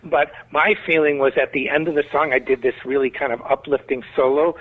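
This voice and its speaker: Chicago man, guest musician, rambling storyteller; husky voice on a tinny remote line. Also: mid-range voice, fairly even intonation, a little fast. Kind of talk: casual interview talk.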